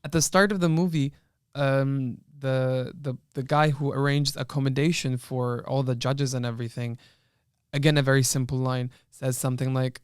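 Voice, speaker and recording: A man's voice: medium pitch, fairly even intonation, moderate pace, clear, resonant tone, dry recording, clean studio sound. A young man, a law student, earnestly retelling a film in a casual panel discussion, with many restarts.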